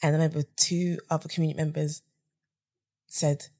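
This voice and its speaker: A young woman from the UK recounts her career as an animated storyteller, slipping into other people's voices. Her voice sits a little low with a husky edge, recorded dry and close. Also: fairly quick, dry recording. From United Kingdom. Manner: animated storyteller, acts out quotes with big pitch jumps and whispers. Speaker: podcast guest. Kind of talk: casual storytelling interview.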